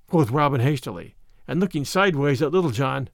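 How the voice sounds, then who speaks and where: A man narrating an audiobook in an expressive storytelling manner. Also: mid-range voice, a little fast, gravelly, dry recording, clean studio sound.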